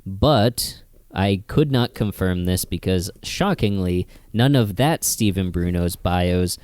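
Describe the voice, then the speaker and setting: Dry, deadpan podcast host man. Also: low-pitched, slow, dry recording. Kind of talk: casual comedic podcast chat.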